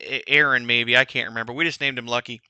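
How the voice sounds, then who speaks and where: A man voicing a rambling old man who tells a long story with halting restarts. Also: mid-range voice, fairly even intonation, sharp tone, clean tone, no echo, pitched below the performer's own voice.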